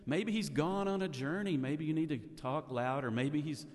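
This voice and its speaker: A man's voice: a little high, big pitch swings, a little slow, long reverb tail. A man preaching who quotes a bold lone prophet in his own voice, challenging and taunting. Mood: mocking.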